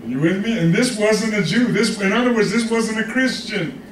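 A man preaching a sermon as pastor, animated and often asking the congregation if they are with him. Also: high-pitched, moderate pace, a little hiss or hum. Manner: animated, calls for congregation responses. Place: church hall. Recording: echoey hall from far off.

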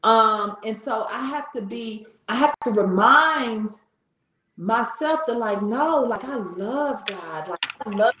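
A woman talking about her faith in a casual chat, animated and slangy, often repeating herself. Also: medium pitch. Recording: echoey room.

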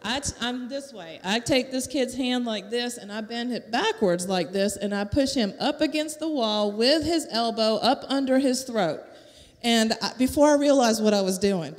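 Her voice a bit high and her speed normal, a middle-aged woman with a Southern US accent tells an animated testimony at church. She is a teacher who laughs often and mimics others' voices, recorded in an echoing sanctuary.

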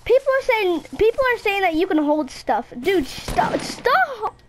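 Girl gaming with a buddy, high voice, bossy and teasing, bit of hiss. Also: sing-song, normal speed. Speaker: gamer. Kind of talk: casual gaming chat.

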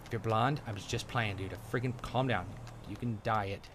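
A man's voice: fairly low pitch, moderate pace, noisy background. Goofy young man commentating a game. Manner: goofy, joking, swears mildly. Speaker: gaming video host. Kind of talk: let's play commentary. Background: game music and sounds.

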